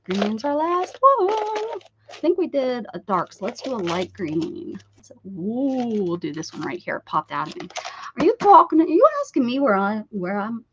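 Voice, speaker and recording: A woman's voice: on the high side, sing-song, moderate pace, a little hiss or hum. A woman hosting a casual art livestream, chatting and teasing herself while she crafts. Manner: chatty, giggly, self-teasing. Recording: dull lo-fi sound.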